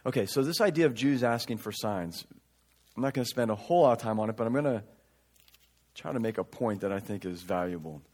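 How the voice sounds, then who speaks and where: Animated man preaching a casual sermon. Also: lowish voice, brisk. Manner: conversational, animated, shifting between loud and quiet asides. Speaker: pastor.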